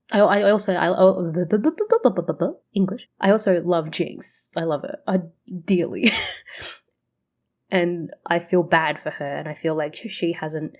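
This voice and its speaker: A woman's voice: fairly low pitch, a little mellow. A woman hosting a reaction video, chatting casually, swearing freely and rambling through her thoughts. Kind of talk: casual chat reacting to a show.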